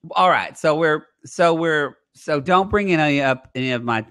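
A man's voice: on the high side, moderate pace, pushed and bright, smooth, no echo, clean studio sound. A man in his thirties hosting a podcast, chatting casually and telling rambling stories full of fillers. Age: 30s. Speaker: podcast host. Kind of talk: casual chat.

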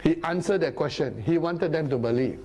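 A man teaching a Bible study sermon, animated, sometimes dropping into low, grave tones. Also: moderate pace, breathy edge. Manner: animated, acts out crowd voices in a raised voice; drops to low, grave tones for solemn points.

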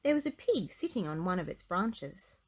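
A woman narrating a children's storybook with an expressive, sing-song delivery. Her pitch rolls up and down lively at a middle register. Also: moderate pace. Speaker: storybook reader. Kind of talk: children's read-aloud narration.

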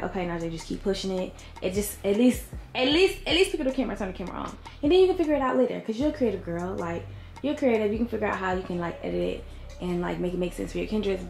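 A woman's voice: medium pitch, darkish tone. A woman in her late twenties chatting casually to her viewers from her bedroom, full of fillers and stretched-out words. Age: late 20s. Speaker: vlogger. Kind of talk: casual chat to camera. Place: home bedroom. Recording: roomy echo, faint music behind.

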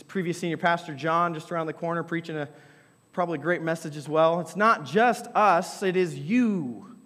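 A young adult man preaching a sermon into a microphone, telling the story with lively energy and sometimes dropping to a whisper. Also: fairly high pitch. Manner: animated storytelling preacher, drops to a whisper for emphasis. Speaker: pastor. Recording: long hall reverb.

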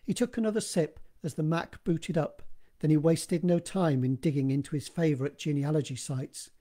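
A man narrating his own horror story in a steady, measured reading, recorded in one live take. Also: on the high side.

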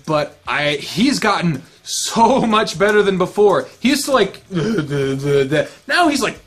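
A man hosting a casual chat, excitable and ranting with heavy swearing. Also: a little high. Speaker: host.

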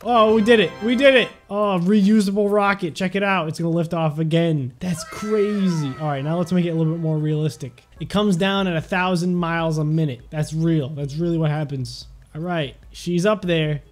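Excitable young man on game commentary. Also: fairly high pitch, moderate pace, hardly any pauses, soft background music. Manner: excitable, yelps and shouts when things go wrong. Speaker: gaming YouTuber.

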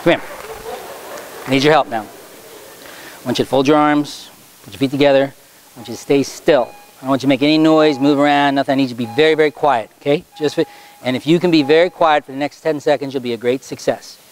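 Fast-talking playful stage hypnotist man. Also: slight background noise, low-quality recording. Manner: brisk, playful, commanding with the volunteers; drops to slow, low suggestion when putting people under. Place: high school stage before a student audience.

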